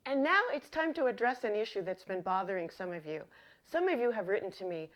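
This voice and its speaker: A woman hosting a comic mock language lesson, speaking in a deadpan, mock-authoritative way as a self-styled professor. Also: medium pitch, a little fast. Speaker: comedy host.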